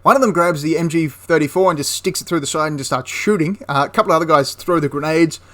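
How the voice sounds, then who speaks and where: A man's voice: a little high, fast, a bit bright. A young man casually retelling a wartime history story, chatty and prone to correcting himself mid-sentence. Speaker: history channel host.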